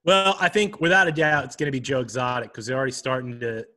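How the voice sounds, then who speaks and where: A man's voice: medium pitch, lively intonation, fast, pushed and bright. Laid-back, wry man co-hosting a podcast. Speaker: podcast co-host. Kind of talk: casual chat.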